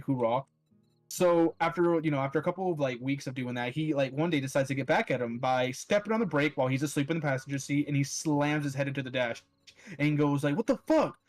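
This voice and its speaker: A man telling a long story in a loose, rambling way, swearing often and filling gaps with "like". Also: mid-range voice. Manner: rambling, heavy swearing, lots of "like" fillers. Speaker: podcast host. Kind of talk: casual storytelling.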